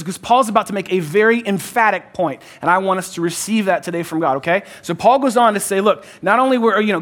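A man's voice: high voice, fairly bright tone. A married man preaching a sermon, conversational but emphatic, repeating key phrases and calling on the congregation to answer back. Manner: conversational, uses "like" and "kinda". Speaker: pastor.

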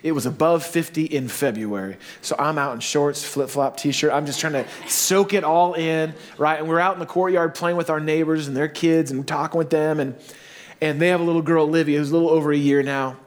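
A man preaching a sermon. He tells a story casually, then slows into hushed, earnest appeals. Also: on the high side, steady tone. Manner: storytelling, swings between playful baby talk and slow hushed earnestness. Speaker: pastor.

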